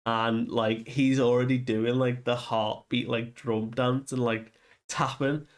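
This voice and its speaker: A man's voice: mid-range voice, little pitch movement. Man casually recapping a comic chapter. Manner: breezy retelling, voicing characters in quick asides. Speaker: manga reviewer.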